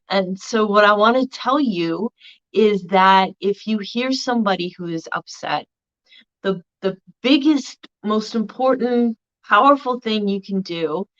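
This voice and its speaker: Woman teaching casually, mid-pitched, with halting restarts; muffled lo-fi recording. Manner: conversational, frequent fillers and restarts. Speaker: spiritual teacher.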